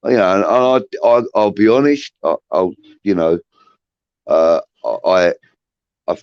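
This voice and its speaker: A man's voice: low-pitched, animated, takes it slowly, darkish tone, smooth, dry recording, muffled recording. A man hosting a casual livestream, rambling with many restarts and swearing, reading out chat comments. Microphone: phone.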